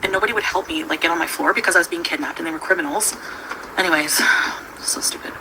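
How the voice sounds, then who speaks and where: Woman host, casual stream chatter, giggly and meandering, with a steady hiss of noise under the voice. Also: low voice, fast. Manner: chatty, giggly, trails off mid-sentence. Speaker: livestream host. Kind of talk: casual rambling chat.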